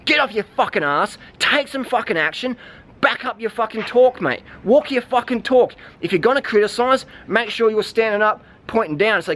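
A man's voice: high voice, animated, moderate pace, fairly bright tone. A man vlogging outdoors, giving a blunt, heavily profane, preachy rant to his viewers. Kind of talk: ranting vlog monologue.

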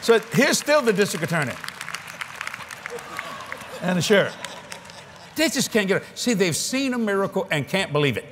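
A man preaching at a convention, telling a story in a folksy, animated way with frequent restarts, speaking into a stage microphone before a congregation. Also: sits high, normal speed, pauses often, a crowd in the background, background noise. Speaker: evangelist preacher. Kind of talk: storytelling sermon.

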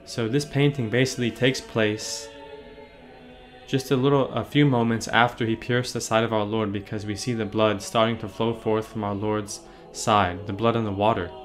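A man, a priest, leading a catechism meditation on a painting, gently asking the listener questions and answering them. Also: lowish voice, steady tone, moderate pace, faint music behind.

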